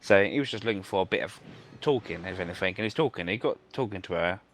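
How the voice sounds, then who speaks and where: A man with a low, expressive voice talks at a quick pace, a little hiss or hum in the audio. Chatting casually during gameplay with friends, he spins a long, meandering story full of filler words.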